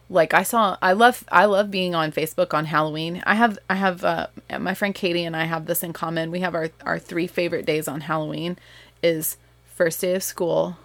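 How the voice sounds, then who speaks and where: A woman with a Southern accent chatting casually as a host, animated, laughing and correcting herself as she goes. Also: fairly low pitch, no room sound. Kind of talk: casual chat.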